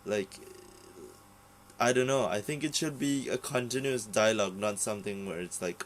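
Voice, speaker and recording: A man's voice: on the low side, measured pace, poor audio. A young man ranting casually about a TV series, rambling and swearing, with many fillers and restarts. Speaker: vlogger reviewing a TV series. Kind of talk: casual unscripted rant.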